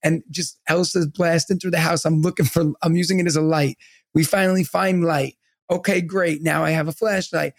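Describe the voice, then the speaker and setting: Gravelly man telling a rambling story. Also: on the high side, moderate pace, no echo. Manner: rambling, animated anecdote teller with many fillers. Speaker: podcast co-host. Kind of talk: casual storytelling.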